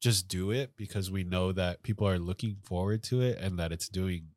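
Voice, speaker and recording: Low-voiced guy with a stuffy nose rambling on a podcast, lots of "like", dry close sound. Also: normal speed, darkish tone, dry recording. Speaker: podcast co-host. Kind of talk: casual chat.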